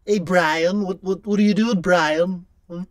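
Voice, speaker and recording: A man putting on a menacing masked male space villain voice, heard through a robot voice filter, heavy and slow. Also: high-pitched, fairly even intonation, no room sound, studio quality, pitched above the performer's own voice. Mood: mock menacing.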